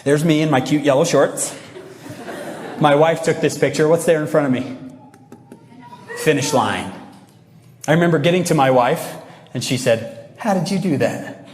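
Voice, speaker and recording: Animated man telling stories in an echoey hall. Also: fairly high pitch, normal speed, pauses often. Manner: animated storytelling, acts out quotes. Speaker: speaker addressing youth. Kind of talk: motivational talk.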